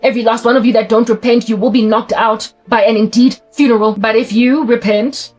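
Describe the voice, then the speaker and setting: A woman's voice: fairly high pitch, steady tone, darkish tone, soft background music. Fervent South African woman preaching to camera. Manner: fervent, preachy, rapid and repetitive, breaks into snatches of song. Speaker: Christian vlogger. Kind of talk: impassioned monologue to camera.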